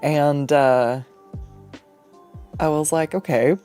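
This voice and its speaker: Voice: medium pitch, moderate pace, faint music behind. An artist telling a rambling, profane story in a casual chat while drawing, laughing often along the way. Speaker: artist and streamer.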